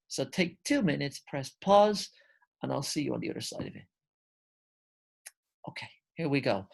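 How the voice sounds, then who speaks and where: Male English teacher, online grammar lesson; relaxed, step-by-step explainer, friendly "guys" address. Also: fairly high pitch, vocal fry.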